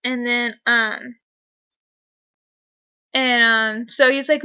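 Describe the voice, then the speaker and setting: Young woman vlogger, bright and fairly high voice, rambling, excitable delivery, lo-fi sound. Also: unhurried, long pauses. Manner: rambling, filler-heavy, excitable. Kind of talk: casual storytelling to camera. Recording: dull lo-fi webcam audio.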